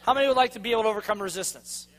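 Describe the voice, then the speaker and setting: A man with a very high, bright, forceful voice drives a motivational seminar. He speaks in punchy bursts and keeps pulling answers from the audience. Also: rapid-fire. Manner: energetic, punchy, constantly asks the audience to respond. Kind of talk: seminar talk to a live audience.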